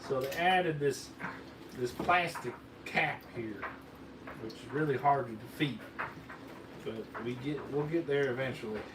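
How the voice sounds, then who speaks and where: Filmed by a camera operator, a man in a fireworks video puts on a Southern drawl, speaking at a medium pitch, a little slowly and with frequent pauses. He jokes in a folksy, rambling way through a casual hands-on demonstration, captured as distant, roomy camera-mic sound with faint noise.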